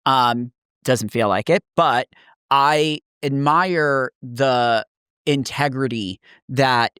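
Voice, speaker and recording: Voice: mid-range voice, very slow, a bit bright, smooth, dry recording, clean studio sound. A podcast co-host and makeup artist speaking thoughtfully in casual chat.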